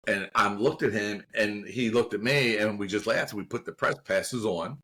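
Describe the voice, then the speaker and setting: Bright-voiced man telling a story. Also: lowish voice, moderate pace, few pauses, a little hiss or hum, rough recording. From Baltimore area. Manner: animated, laughing anecdote telling. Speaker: guest actor. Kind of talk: casual storytelling.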